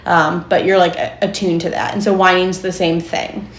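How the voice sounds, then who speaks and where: A woman's voice: lowish voice, little pitch movement, normal speed, reverberant. A young adult woman co-hosting a podcast as a therapist, explaining in a chatty way with many fillers and frequent laughs. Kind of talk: casual podcast conversation.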